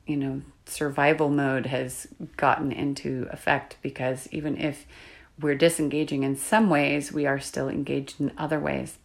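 Low, gravelly-voiced woman coach. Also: level tone, moderate pace. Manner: soft-spoken, confiding, drifts into whispers. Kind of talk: reflective solo podcast monologue.

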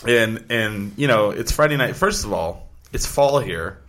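Low-voiced man telling profane stories. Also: lively intonation, unhurried, fairly bright tone. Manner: profane storyteller who acts out other people's lines. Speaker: podcast co-host. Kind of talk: casual chat.

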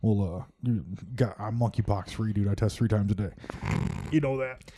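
A man's voice: on the low side, mellow, a little hiss or hum. A man co-hosting a podcast, joking and swearing freely in casual chat. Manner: profane, joking, quick to laugh. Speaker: podcast co-host.

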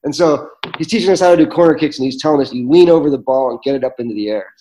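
A man tells reflective stories as an interview guest. His voice is warm and mellow. He speaks earnestly, with plenty of fillers and restarts. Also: mid-range voice, racing, a little hiss or hum, rough recording. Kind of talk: reflective storytelling in conversation.

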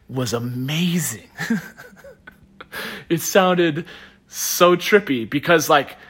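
A man hosting a podcast, telling a personal story in a loose, animated way, laughing often and using lots of fillers. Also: on the high side, extremely slow, husky. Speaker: podcast host. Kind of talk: casual storytelling.

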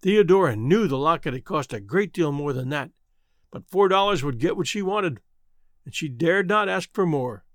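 Expressive male storybook narrator. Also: fairly high pitch, moderate pace, dry recording, clean studio sound. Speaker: audiobook narrator.

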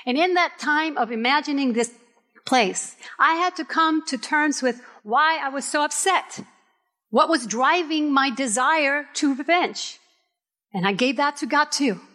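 A middle-aged woman pastor from Puerto Rico, preaching a candid sermon with personal stories and emphatic, drawn-out phrases. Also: high-pitched, pushed and bright. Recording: reverberant hall.

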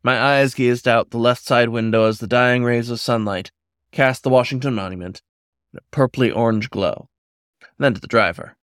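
An audiobook narrator tells a first-person story in a measured, reflective way, his middle-pitched voice slightly bright with fairly even intonation. The recording is dry and close, with no room sound or echo.

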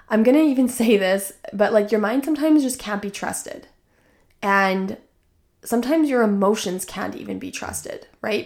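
A woman hosting a podcast, telling a personal story in a chatty, casual way with many fillers. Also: mid-range voice. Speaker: podcast host.

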